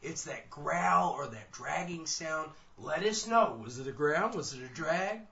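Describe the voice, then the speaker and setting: A man hosting a live paranormal radio show from a dining room, joking with his co-hosts and swinging between loud and soft. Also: fairly high pitch, expressive, unhurried, vocal fry, lo-fi sound. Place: dining room of an old house.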